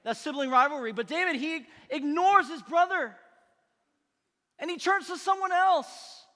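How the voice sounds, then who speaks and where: A man preaching a sermon as pastor, energetic and conversational, with playful asides to his congregation. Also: very high-pitched, unhurried, big-room sound. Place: church auditorium.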